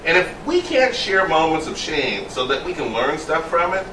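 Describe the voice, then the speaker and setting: A gay man chatting casually as a co-host, emphatic and animated as he tells his stories. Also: fairly high pitch, normal speed. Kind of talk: casual chat. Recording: roomy sound from a distance with faint noise.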